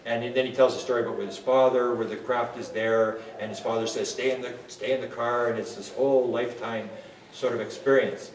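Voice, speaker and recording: A man in his sixties telling a story as an interview guest, excitable, with many restarts and bits of laughter. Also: medium pitch, brisk. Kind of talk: animated anecdotal storytelling. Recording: roomy and distant, faint ambience.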